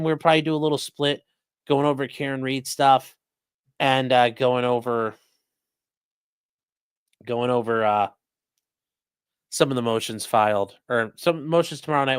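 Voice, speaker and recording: A man's voice: mid-range voice, clean tone, dry recording, clean studio sound. Chatty man with a Great Lakes accent. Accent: Great Lakes American. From Midwestern United States. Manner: chatty, rambling, reads viewer comments aloud. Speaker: livestream host. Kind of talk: casual livestream chat reading super chats.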